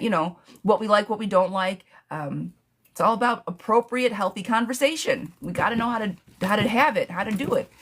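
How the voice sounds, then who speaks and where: A woman hosting a live tarot stream, chatting casually and affectionately, with many pet names for her viewers and quick, animated bursts of talk. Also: mid-range voice, a little hiss or hum. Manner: animated, talks fast in bursts, laughs often.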